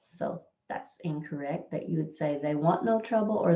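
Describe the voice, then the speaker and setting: A woman's voice: low voice, normal speed. A woman teaching a test prep grammar lesson, explaining over slides in a plain, patient way and thinking aloud with fillers. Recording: echoey, dull lo-fi room recording.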